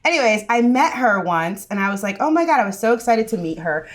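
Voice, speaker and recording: Woman co-host, fairly high voice, loose animated storytelling with swearing. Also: fast. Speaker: podcast co-host. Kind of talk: casual chat.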